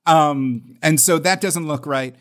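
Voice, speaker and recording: A man co-hosting a casual comics podcast, telling stories with jokes and quick put-on voices. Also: on the high side. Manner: joking, animated storytelling with quoted voices. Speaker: podcast co-host.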